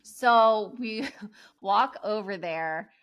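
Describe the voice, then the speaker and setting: A woman's voice: mid-range voice, very slow, muffled recording, a crowd in the background. A woman co-hosting a podcast, telling a story in casual chat and acting out the quotes, often with laughter. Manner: animated, laughing, acts out quotes in raised voices. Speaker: podcast co-host.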